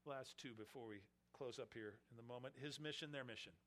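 A man's voice: medium pitch, a little fast, fairly bright tone. A man preaching an expository sermon, emphatic, with his volume swelling and dropping.

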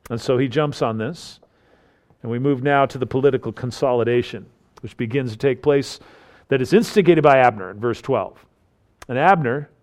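A man teaching through a Bible passage, explaining its culture and acting out the quoted lines with rising emphasis. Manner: animated, acts out quoted lines with rising pitch and force. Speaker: preacher.

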